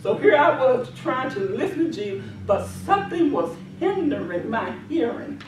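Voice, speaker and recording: A woman's voice: high-pitched, big pitch swings, moderate pace, far from the mic, background noise. Fervent woman preaching in an echoey hall. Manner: fervent, repetitive commanding cries. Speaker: deliverance minister. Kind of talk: testimony and deliverance prayer.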